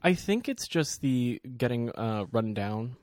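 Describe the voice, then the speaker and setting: A man's voice: mid-range voice, big pitch swings, measured pace, darkish tone, dry recording. Wry, joking man, podcast co-host. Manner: wry, joking, throat-clearing. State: slightly congested. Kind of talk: casual chat.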